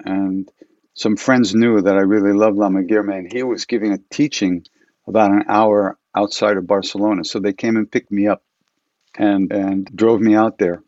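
Gravelly man telling stories at home. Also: lowish voice, no echo, lo-fi sound. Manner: relaxed, rambling, laughing storyteller. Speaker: chant leader. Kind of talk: casual storytelling to an online audience. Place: his home. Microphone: computer mic for an online event.

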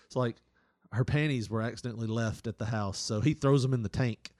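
A man's voice: mid-range voice, a little fast, a little mellow, no echo, studio quality. A man, co-hosting a podcast and telling stories in casual chat, laughing often and acting out other people's voices. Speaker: podcast co-host.

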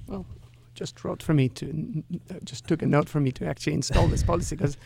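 Executive guest, gravelly mid-pitched voice, hesitant careful delivery. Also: male voice, fast talker, a little mellow. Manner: careful, hesitant, frequent restarts. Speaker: company executive, interview guest. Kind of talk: radio interview answers.

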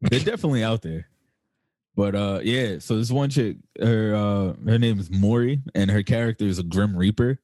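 Low, dark-toned man chatting casually. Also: normal speed, dry recording. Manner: loose, slangy storytelling with lots of filler "like". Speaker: podcast co-host. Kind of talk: casual chat.

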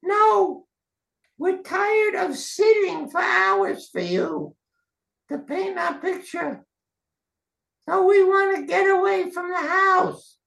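A tiny, squeaky pet with a very high voice, fed up and complaining. Roomy echo around it. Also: male voice, lively intonation, takes it slowly, gravelly, bright, forceful tone, heavily acted.

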